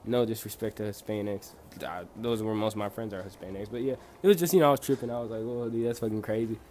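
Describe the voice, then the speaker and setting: A young Bosnian man tells a laid-back, rambling story full of profanity, fillers and restarts. He talks fast in a lowish voice with a darkish tone, and there's slight background noise.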